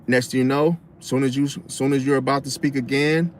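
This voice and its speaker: A man giving casual advice in a slangy, animated way, often acting out loud high-pitched interruptions. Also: a little fast, hardly any pauses. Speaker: astrology commentator.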